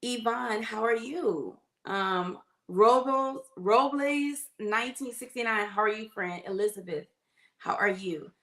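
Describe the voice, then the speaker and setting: A woman's voice: a little high, measured pace, echoey room. A middle-aged woman, a nurse chatting casually on a phone livestream and greeting viewers by name. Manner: chatty, warm greetings, uses y'all.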